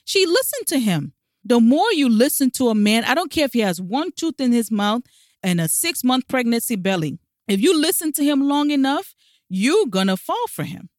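Her voice is fairly high and swings widely in pitch while keeping a moderate pace. In a direct-to-camera advice talk, she coaches listeners emphatically, asks rhetorical questions, and speaks with a smile, all captured in studio quality with no room sound.

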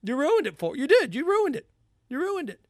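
Sarcastic high-voiced man ranting. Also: sing-song, moderate pace, dry recording, studio quality. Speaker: podcast host. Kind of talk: opinion rant monologue.

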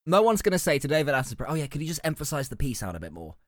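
A man's voice: on the high side, very animated, racing, dry recording, studio quality. A man co-hosting a podcast, chatting in a wry, self-deprecating, teasing way. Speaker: podcast co-host, voiceover artist. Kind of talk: casual chat.

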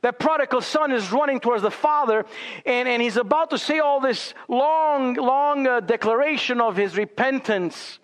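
A male pastor preaching a sermon in a church sanctuary, emphatic and deliberate, often dropping to a hushed tone. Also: extremely high pitch. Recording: long hall reverb.

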